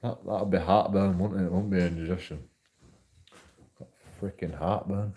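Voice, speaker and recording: A man's voice: low-pitched, fairly even intonation, normal speed, dark tone, a little hiss or hum. A man rambling through a profane monologue to camera, repeating himself often. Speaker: vlogger.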